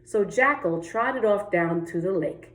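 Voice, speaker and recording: Slow, animated woman reading a story. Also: medium pitch. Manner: lively storybook reading, voicing each animal, urging kids to sing along. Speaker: teacher reading a picture book aloud. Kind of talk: children's read-aloud with sung refrain. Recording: echoey room.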